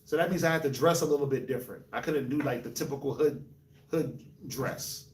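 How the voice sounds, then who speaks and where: A man from New York, Colorado and Jamaica, hosting a casual group discussion, telling animated stories with laughs. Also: mid-range voice, a little fast, slight background noise. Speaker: host. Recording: echoey room, mic at a distance.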